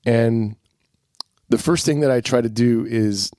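A man's voice: medium pitch, unhurried, warm tone, no echo. Middle-aged man, podcast co-host, chatty and self-deprecating, dry close recording. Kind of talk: casual chat.

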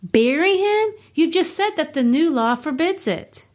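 A woman's voice: sits high, lively intonation, measured pace, voice pushed up. A woman reading the part of a fearful, timid young woman, pleading anxiously in a classroom play reading. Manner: pleading, anxious read-aloud.

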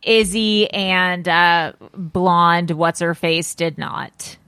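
Woman podcast host gossiping, lowish voice, super dry close sound, lots of "that's crazy" energy. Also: steady tone, bright, forceful tone, clean tone, no room sound. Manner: chatty, reacts with quick exclamations. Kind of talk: casual gossip chat.

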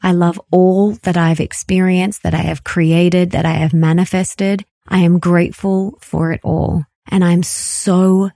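Warm, earnest woman podcaster in her thirties. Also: fairly low pitch, level tone, creaky, no room sound, studio quality. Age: 30s. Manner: earnest, effusive and repetitive, slowing down for emphasis. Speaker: podcast host. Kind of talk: heartfelt solo podcast monologue.

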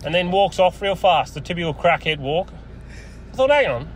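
A man's voice: high voice, big pitch swings, normal speed, a little hiss or hum. An Australian man telling a crude, laughing yarn in a voice message, recorded outdoors on a phone. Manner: crude, laughing storyteller, puts on voices for others. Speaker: caller telling a story.

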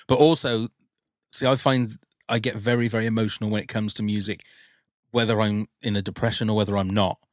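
A man with a lowish voice speaks openly about his feelings as he hosts a relaxed chat. The sound is close and dry, with no room echo around him. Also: fairly quick. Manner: open, emotional storytelling, swears. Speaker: podcast host. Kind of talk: casual chat.

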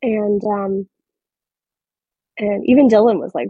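A woman in her thirties, a guest telling a personal story in an interview, speaking haltingly with many fillers. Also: mid-range voice, fairly even intonation, dark tone, slightly rough, no echo. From Northern Ontario, Canada. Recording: slightly muffled recording.

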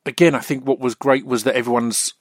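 A man's voice: mid-range voice, fairly even intonation, a little fast, no echo, studio quality. A man interviewing a guest in a chatty, enthusiastic way, often agreeing. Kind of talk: interview conversation.

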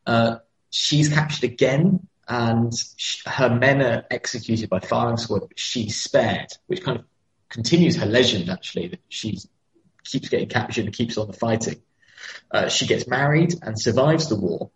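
A man's voice: medium pitch, moderate pace. A man co-hosting a casual history chat, telling stories with many fillers and restarts. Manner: storytelling, with frequent fillers and restarts. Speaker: podcast co-host. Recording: echoey, dull-sounding room.

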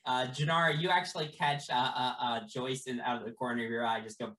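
A game master running a tabletop game, talking haltingly with many stammered fillers. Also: mid-range voice, steady tone, a bit bright.

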